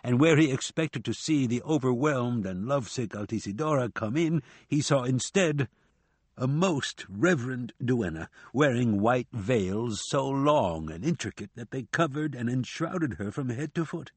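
A man narrating an audiobook in a measured, steady reading. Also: mid-range voice, husky, no echo. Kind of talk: scripted narration.

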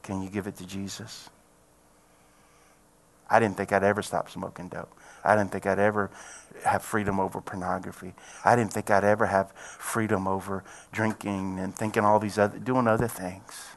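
An older man, a pastor preaching a sermon and telling his own testimony, dropping to hushed near-whispers and rising to loud cries. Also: low-pitched, little pitch movement, moderate pace, vocal fry.

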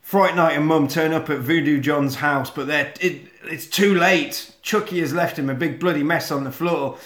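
A man's voice: fairly high pitch, normal speed, fairly bright tone. A man casually recapping a horror film on a podcast, swearing a lot and acting out the scenes. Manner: sweary, acts out scenes in silly voices. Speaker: podcast host. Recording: echoey room.

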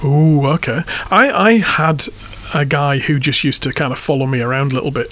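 A man's voice: mid-range voice, moderate pace, fairly bright tone. A man with an English accent, co-hosting a casual podcast chat with dry, teasing banter. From England. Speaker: podcast co-host.

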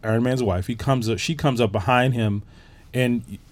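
A man's voice: medium pitch, moderate pace. A man hosting a podcast, giving a casual, enthusiastic movie review full of fillers and restarts. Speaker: podcast host.

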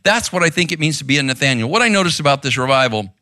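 A man's voice: a little high, animated, racing, bright, forceful tone, no echo, clean studio sound. A man preaching a sermon in a conversational, intense way, often checking in with "right?", seated on a stool in a church room. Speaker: pastor.

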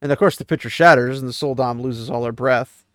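A man's voice: medium pitch, brisk, no room sound, clean studio sound. A man giving a casual recap of a fantasy novel, chatty and digressive, breaking off into asides and questions. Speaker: book discussion host.

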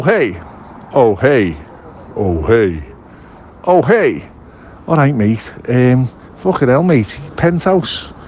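A man's voice: a little high, highs cut off, a little hiss or hum. A man rambling crudely and jokily in a voice note, sitting outdoors on a city bench. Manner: crude, jokey, sweary.

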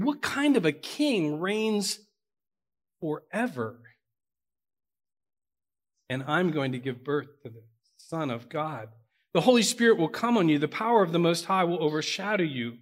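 A man preaching a sermon to his church, earnest and building to emphatic peaks. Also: fairly high pitch. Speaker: pastor.

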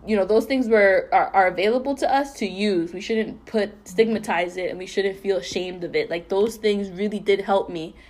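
A young woman co-hosting a podcast, telling a painful personal story in an earnest, halting way full of fillers and restarts. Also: mid-range voice, a little mellow. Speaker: podcast co-host.

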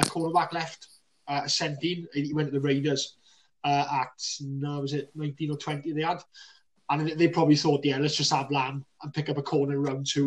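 A man co-hosting a casual sports podcast, excitable and full of banter, laughing often. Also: fairly high pitch, distant mic. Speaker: podcast co-host.

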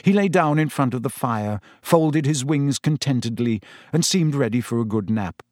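Brief: male audiobook narrator, mid-pitched, measured, close and bone-dry. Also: lively intonation, a little mellow, dry recording. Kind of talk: scripted narration.

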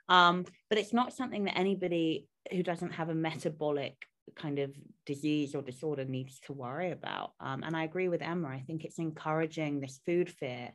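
A woman's voice: sits low, fairly quick, hardly any pauses, fairly bright tone. A woman from the UK co-hosting a fitness podcast, speaking earnestly with frequent ums and restarts. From United Kingdom. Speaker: podcast co-host, fitness coach. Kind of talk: casual podcast chat.

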